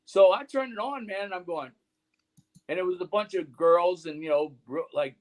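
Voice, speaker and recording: A man's voice: sits high, animated, normal speed. A man telling stories as a guest in a casual interview, rambling and filling his talk with "you know" and "man". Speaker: guest musician and radio host.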